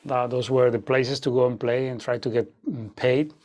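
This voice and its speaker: A man's voice: mid-range voice, fairly even intonation, moderate pace, darkish tone. A man teaching an online guitar masterclass, explaining rhythms with frequent fillers and "okay?" check-ins.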